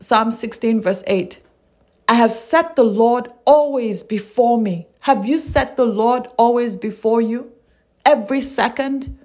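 A woman giving a devotional sermon, earnest, reading scripture aloud and asking rhetorical questions. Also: fairly high pitch. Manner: earnest, repeats lines, asks rhetorical questions. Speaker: preacher.

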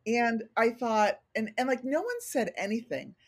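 A middle-aged woman with a voice on the high side talks in an unhurried way during a casual interview. She's an organizational consultant guesting on a podcast, speaking openly and with animation as she acts out quoted remarks.

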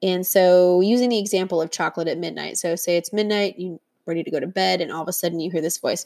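A diet coach addresses the listener directly in a lowish, gravelly, slightly mellow voice, talking fast with few pauses. Earnest and encouraging yet firm, she teaches through a motivational monologue and briefly acts out the voices she describes.

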